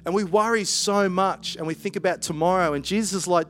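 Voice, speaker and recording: High-voiced, animated preacher. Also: male voice, a little fast, hardly any pauses, soft background music. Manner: conversational, animated, playful asides. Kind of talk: sermon.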